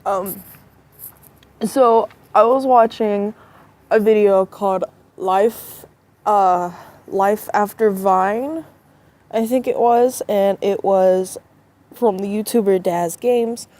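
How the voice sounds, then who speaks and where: She takes her time, leaving long pauses in her mid-range, darkish voice. The woman, a vlogger whose nose is stuffed up from crying, rambles hesitantly to her phone camera at dusk by a roadside, with traffic faintly audible.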